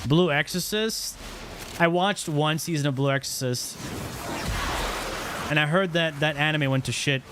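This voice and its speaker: A man streaming live, chatting casually in a rambling, excitable way with quick blunt opinions. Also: on the high side, noisy background.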